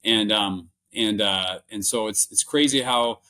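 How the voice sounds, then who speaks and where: A man's voice: lowish voice, measured pace, sharp tone. Earnest Minnesotan man, rambling. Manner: earnest and rambling, many restarts and fillers. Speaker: podcast guest, business buyer. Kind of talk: candid interview storytelling.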